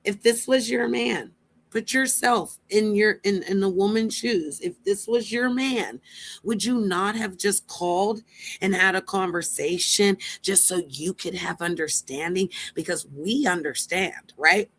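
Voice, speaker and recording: A woman's voice: mid-range voice, a little slow, fairly bright tone. A woman hosting a stream, giving blunt, profane reaction commentary straight to her viewers. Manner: brash, blunt and profane, addresses viewers directly.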